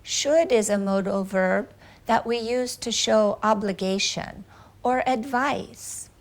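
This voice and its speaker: A woman's voice: a little high, takes it slowly. A woman teaching English grammar in a video lesson, explaining carefully and reading out example sentences.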